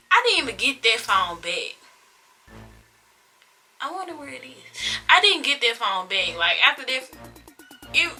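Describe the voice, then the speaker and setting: An eighteen-year-old woman telling a personal story to her viewers in a casual, expressive, drawn-out way. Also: fairly high pitch. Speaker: vlogger.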